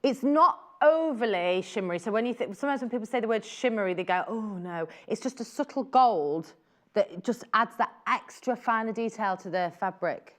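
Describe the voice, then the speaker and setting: A woman's voice: a little high, expressive, moderate pace, a bit bright. A woman presenting fabrics on a live shopping channel, chatty and gushing as she exclaims over each print. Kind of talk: live TV selling chat.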